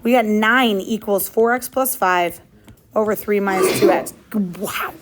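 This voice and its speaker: A woman teaching a math class, upbeat and quick, calling out questions to her students. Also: mid-range voice, noisy background. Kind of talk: classroom lesson.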